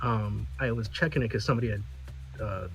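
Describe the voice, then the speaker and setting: A man's voice: lowish voice, fairly quick, soft background music. A man on a podcast, telling a story in casual chat, often laughing and swearing, with many restarts. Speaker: podcast regular.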